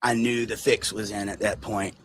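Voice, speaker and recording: A man telling a long story on a livestream, animated and mimicking the people in it. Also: on the low side, moderate pace, a little hiss or hum. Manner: animated retelling, mimics others' voices.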